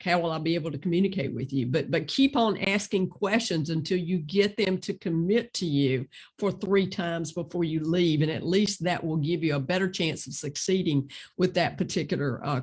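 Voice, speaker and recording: An older woman, teaching a webinar as a real estate trainer, coaching earnestly and acting out sample lines softly. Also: lowish voice.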